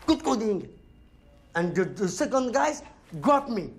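A boastful French convict. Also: male voice, sits high, big pitch swings, unhurried, full character voice. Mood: storytelling. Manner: broken English mixed with French, stammering. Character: boastful French inmate, jittery and comically tough. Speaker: actor in film scene. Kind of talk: film comedy acting.

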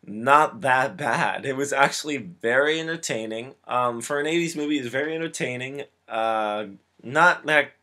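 A young man casually recapping an action movie, rambling with many fillers and growing excited as he goes. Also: medium pitch, normal speed. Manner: rambling, filler-heavy, gets excited and laughs. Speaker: film reviewer.

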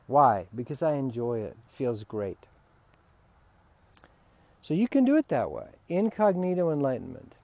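A man, a spiritual teacher, giving a relaxed, candid talk and swearing freely. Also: medium pitch, no echo.

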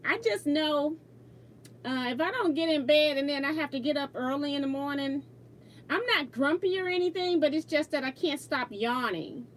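A woman's voice: high-pitched, normal speed, slight background noise. A woman hosting a casual quilting livestream from her sewing room, laughing often and reading viewer comments aloud as she works.

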